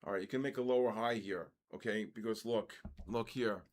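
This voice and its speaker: A man's voice: fairly low pitch, fairly even intonation, a little fast. A man hosting a live trading session, rambling into ranting asides between market calls. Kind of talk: casual live trading commentary.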